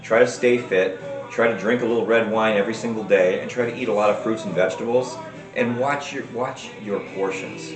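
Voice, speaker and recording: A man's voice: on the low side, a little fast, echoey room, over music, rough recording. A man from New York co-hosting a casual chat, chiming in emphatically and teasing. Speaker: co-host.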